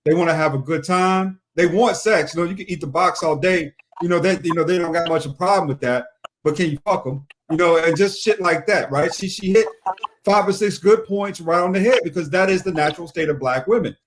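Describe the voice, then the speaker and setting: High-voiced, opinionated man. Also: brisk, slight background noise. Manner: opinionated, loose and rambling. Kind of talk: casual chat.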